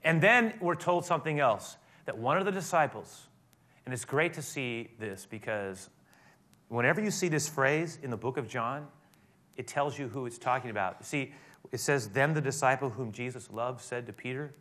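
Bright-voiced preacher man. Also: mid-range voice, animated, moderate pace. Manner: conversational storytelling with emphatic rises. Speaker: pastor. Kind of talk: sermon.

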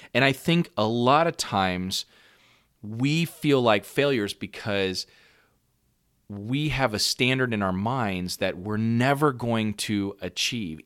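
A man's voice: fairly low pitch, a bit bright, no room sound, clean studio sound. A middle-aged man, a parent coach hosting a podcast, talking earnestly and conversationally to caregivers and often checking in with "right?". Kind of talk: encouraging podcast talk to caregivers.

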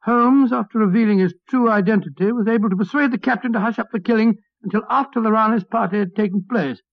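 Fussy elderly English doctor, rather high pitched, dull dry radio-play sound. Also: male voice, quick pace, gravelly, no room sound. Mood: recounting. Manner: blustering and fussy. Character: bumbling, genial Doctor Watson, older man. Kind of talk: 1940s radio acting.

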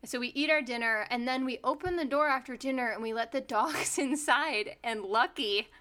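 A young woman co-hosting a podcast, telling stories in a loose, chatty way. Her voice sits a little high and sounds bright and forward. She leans on "like" constantly and swears freely. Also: moderate pace. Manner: chatty, lots of "like" fillers, swearing. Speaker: podcast co-host. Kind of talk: casual chat, storytelling.

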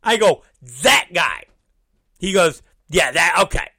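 A man tells a long, swear-filled story with a bright, lively voice that jumps up and down in pitch. He talks slowly and drops into low, mumbled impressions of the people he quotes. The sound is dry and close. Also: creaky, dry recording. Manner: acts out both sides of conversations, swears constantly; animated, mimics others in low mumbling voices. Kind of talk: profane storytelling rant.

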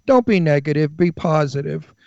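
A man's voice: a little high, expressive, normal speed, gravelly, a little mellow. A man hosting a radio talk show, speaking bluntly and opinionated, swearing freely. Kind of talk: casual radio chat. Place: radio studio. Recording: dry, dull lo-fi radio studio sound.

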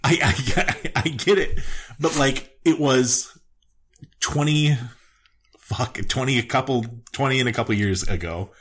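A man in his thirties co-hosts a podcast, chatting casually in a dry, self-deprecating way. His voice is medium-pitched and fairly bright, and he takes his time.

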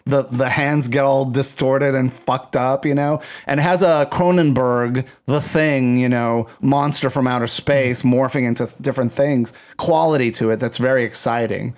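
A man's voice: medium pitch, fairly even intonation, moderate pace, few pauses. A man in easy podcast conversation, his voice sitting in a middle register. He wanders through his points with frequent fillers and restarts. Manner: rambling, many fillers and restarts. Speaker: podcast co-host. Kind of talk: casual chat.

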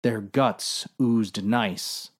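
A man voicing an earnest young male submarine sailor in a deadpan, matter-of-fact way. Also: on the low side, extremely slow, voice pushed down.

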